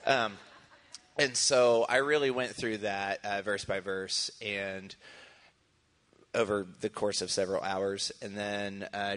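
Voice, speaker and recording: A man preacher answering questions in church, relaxed and a little hesitant as he talks through his study habits. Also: lowish voice.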